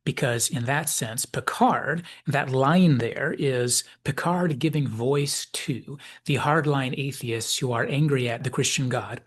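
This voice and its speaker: A man delivers a measured, reflective commentary in a husky, slightly breathy voice at an ordinary male pitch. He walks through the ideas step by step, pausing to read quoted dialogue. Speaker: video essay host. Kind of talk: analytical commentary.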